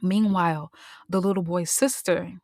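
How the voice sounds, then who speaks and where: A woman host retelling a Bible story in a casual, expressive way, often dropping into a whisper. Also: fairly low pitch, moderate pace, dry recording, clean studio sound. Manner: expressive, drops into whispers and voices.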